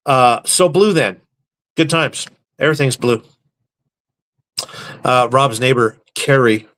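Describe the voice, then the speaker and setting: A man hosting a live stream, reading viewer comments aloud and answering them with deadpan, crude, mock-serious jokes. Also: on the low side. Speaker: livestream host reading chat. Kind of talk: casual live-stream banter.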